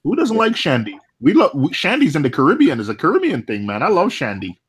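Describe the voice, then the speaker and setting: A man in his thirties, originally from Jamaica, chatting casually on a live stream with animated, laughing speech and frequent repeated words. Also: a little high, quick pace, slightly rough. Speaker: live stream chat participant. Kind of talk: casual chat.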